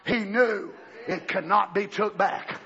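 A man preaching a fiery sermon, shouting fervently and then dropping to low, quiet asides. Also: fairly even intonation, slow pace, a faint crowd. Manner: shouts fervently, swings between loud bursts and low asides. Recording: dull lo-fi recording.

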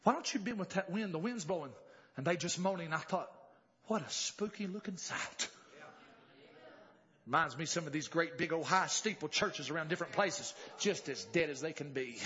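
A man preaching a revival sermon, telling a story and rising to shouted exclamations. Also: a little high, lively intonation, quick pace, muffled recording.

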